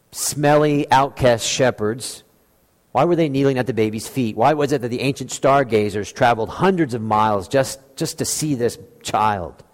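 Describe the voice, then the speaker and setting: A man preaching a sermon as pastor, earnest and reflective, with slow emphatic phrasing. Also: medium pitch, a little mellow. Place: church sanctuary. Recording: long hall reverb.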